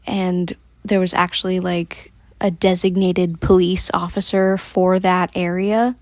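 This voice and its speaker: A woman vlogger telling a story to camera in a chatty, animated way, laughing between lines. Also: on the low side, measured pace, dry recording.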